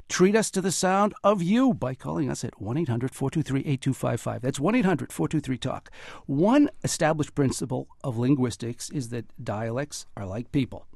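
A man hosting a public radio talk show, speaking in a measured, announcer-like way. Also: a little high, vocal fry, a little mellow, no room sound, studio quality. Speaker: radio host.

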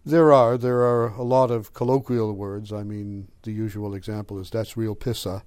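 A middle-aged man with a light Boston accent and a low, mellow voice, speaking as a linguistics professor. He explains at a measured pace, lecturing with small fillers and the odd chuckle. The recording is dry and close. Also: flat delivery, no room sound. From Boston area. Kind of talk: explanatory interview answers.

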